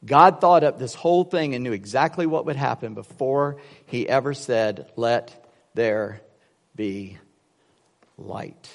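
Slow and creaky in a mid-range voice, this preacher tells animated stories through his sermon and acts out voices in his jokes. Long reverb from the hall hangs on every word.

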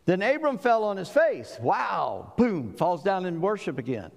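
A man's voice: sits high, very animated, a little slow, creaky, long reverb tail. A man preaching a sermon with emphatic delivery, voicing figures from scripture as he goes. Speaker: pastor.

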